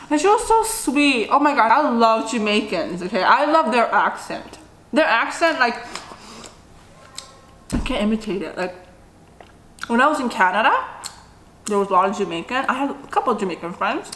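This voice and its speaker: A woman's voice: on the high side, a bit bright, slight background noise. Chatty middle-aged woman in an echoey room. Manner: chatty, frequent mm sounds while eating. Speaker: mukbang vlogger. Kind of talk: casual eating vlog chat. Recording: roomy echo.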